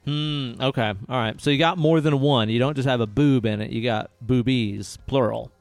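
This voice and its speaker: A man's voice: medium pitch, moderate pace, vocal fry, no room sound, faint music behind. A man co-hosting a casual movie chat podcast, joking and teasing his co-host.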